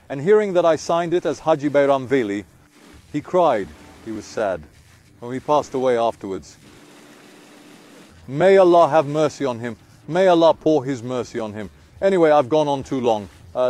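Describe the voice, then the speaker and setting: A man telling a spiritual story, moving between hushed passages and emphatic exclamations. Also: medium pitch.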